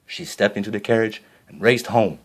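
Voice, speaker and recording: A man reading a children's storybook aloud, expressive, with a few small slips and restarts. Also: fairly low pitch, normal speed.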